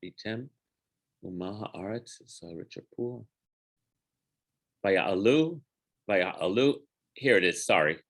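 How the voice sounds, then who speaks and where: In an informal Torah class, a rabbi with an expressive, lowish male voice works through the text in a rambling, digressive manner. He chants Hebrew phrases slowly and stops to set himself straight.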